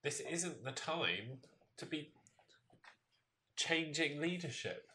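A man's voice: fairly high pitch, lively intonation, takes it slowly, bright, forceful tone, slight background noise. A man playing in a tabletop role-play, speaking diplomatically and trying to talk things through in character. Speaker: player. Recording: roomy echo.

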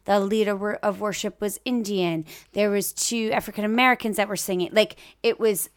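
A woman's voice: mid-range voice, fairly even intonation, moderate pace, no room sound, studio quality. A woman from Maine, co-hosting a faith podcast, speaking earnestly and reflectively in casual chat, with some hesitation. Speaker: podcast co-host.

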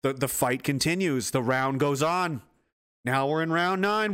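A man's voice: a little high, measured pace, a bit bright, clean tone. A man delivering a fierce, profane motivational rant, swearing freely and hammering his points with repetition.

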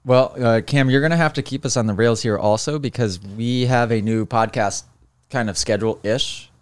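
A man co-hosting a casual podcast at an ordinary middle pitch. He rambles through his points with plenty of fillers, and his delivery stays fairly flat. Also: moderate pace, smooth. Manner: rambling, self-described monotone. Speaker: co-host.

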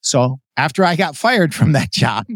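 A man hosting a podcast, telling stories from his career in a blunt, animated way, swearing freely and acting out what others said. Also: fairly high pitch, moderate pace, no room sound. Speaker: podcast host. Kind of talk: casual storytelling chat.

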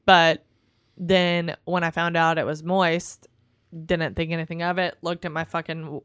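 A woman telling a long personal story in casual podcast chat, profane and animated, full of likes. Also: fairly low pitch, unhurried, smooth, no room sound, studio quality.

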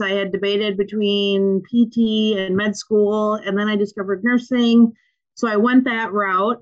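A woman's voice: mid-range voice, highs cut off. A woman from Minnesota with a Minnesotan accent, chatting upbeat as a podcast guest with many fillers. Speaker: guest, nurse practitioner and money coach. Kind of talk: casual podcast interview.

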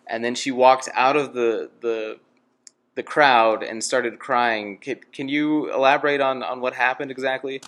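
A young man asks interview questions for a student club, hesitant and filling his pauses with "uh". His voice has a mid pitch, and his delivery stays unhurried. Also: steady tone, fairly bright tone. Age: young adult. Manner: hesitant, with many fillers.

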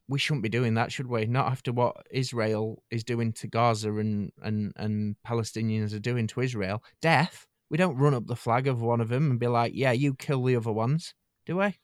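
A man's voice: mid-range voice, no echo, clean studio sound. A man rambling and hesitating through a casual comedy podcast chat. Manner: rambling, hesitant, tangent-prone. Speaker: podcast co-host.

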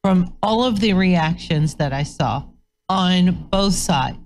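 A female co-host with a fairly low voice who talks slowly and deliberately, pausing on fillers as she thinks. Her delivery is casual and conversational. A faint hum of room noise sits behind her. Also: expressive, a little mellow. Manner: measured, thoughtful, many fillers. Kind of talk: casual chat.

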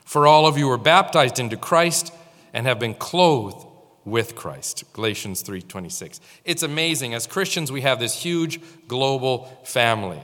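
A man's voice: mid-range voice, fairly bright tone. A male pastor giving an informal sermon, telling stories and speaking directly to the congregation. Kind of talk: conversational sermon. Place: church. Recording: long hall reverb.

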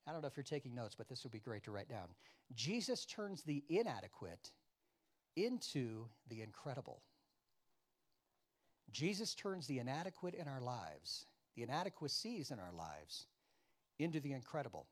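A man preaching a sermon, acting out dialogue and questioning his congregation, loud one moment and quiet the next. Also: mid-range voice, normal speed. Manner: animated, acts out biblical dialogue with wide swings in loudness; addresses the congregation with questions and asides. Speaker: pastor.

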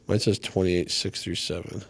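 A man's voice: deep voice, level tone, moderate pace, gravelly, a bit bright, husky. A man co-hosting a casual faith podcast, chatty and reading scripture aloud plainly. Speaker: podcast co-host.

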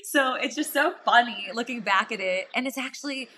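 Animated young woman, bright voice. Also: on the high side, brisk, slight background noise. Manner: animated, acts out her past self in quoted asides, swears casually. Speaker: podcast guest. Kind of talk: casual interview chat.

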